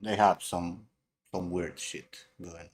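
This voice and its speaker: A man's voice: deep voice, steady tone, slow pace, a little hiss or hum. Teasing, foul-mouthed man. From Norway. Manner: teasing, swears freely, laughs often. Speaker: art mentor hosting a voice chat. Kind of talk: casual voice chat banter.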